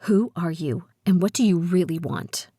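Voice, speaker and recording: Audiobook: woman voicing a guarded, sarcastic teen girl, lowish voice, dry close sound. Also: normal speed, mellow, husky, dry recording. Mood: wary. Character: wary, sharp-tongued seventeen-year-old girl. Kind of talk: audiobook character voice.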